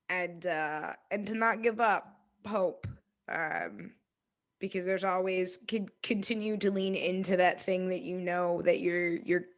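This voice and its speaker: A woman in her twenties, an interview guest, talking reflectively and hesitantly with many pauses and restarts. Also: lowish voice, steady tone. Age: 20s. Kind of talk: reflective casual conversation.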